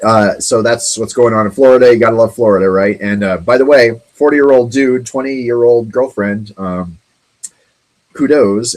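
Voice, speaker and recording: A man hosting his own web show, reading out odd news stories in a rambling, halting way, with many ums and sarcastic asides. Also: on the low side, rough recording. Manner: sarcastic, jokey remarks on the stories.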